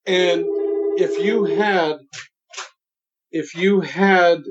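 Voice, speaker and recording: A man in his seventies, a voice coach, talking in a deliberate and emphatic instructive way during an interview. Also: a little high, heavy background noise. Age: 70s. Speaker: voice coach guest. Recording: dull lo-fi sound.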